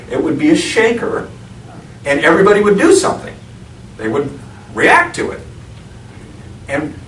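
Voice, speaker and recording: A man's voice: on the high side, fairly bright tone. Storytelling preacher man in an echoey church. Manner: storytelling, laughs often. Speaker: reverend. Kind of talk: sermon with a personal story. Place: church sanctuary. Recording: echoey church from far off, noisy.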